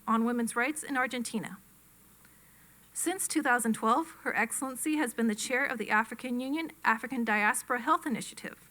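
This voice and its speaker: A woman's voice: high-pitched, bright, forceful tone. A woman hosting an event, reading a formal introduction of the speakers from a script and stumbling on a few words.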